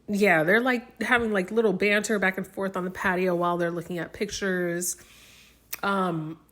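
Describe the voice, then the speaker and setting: A woman's voice: medium pitch, fairly even intonation, moderate pace, a bit bright. A young woman recapping a reality show in casual chat, with lots of "um" and "like". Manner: chatty, many fillers like "um" and "like".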